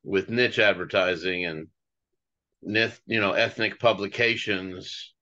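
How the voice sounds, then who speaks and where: A deep-voiced man hosts the chat in a calm, affirming way, nodding along with short replies. His tone is bright and forceful despite the low pitch. The audio is a little dull and muffled, like a video call. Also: unhurried. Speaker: host. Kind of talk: casual interview hosting.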